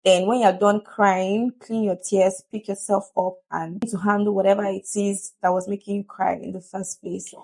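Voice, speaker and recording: Female vlogger, mid-pitched, a bit of fry, earnest motivational chat. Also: level tone, moderate pace, few pauses, a little mellow. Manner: chatty and earnest, laughs often. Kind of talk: casual motivational talk to camera.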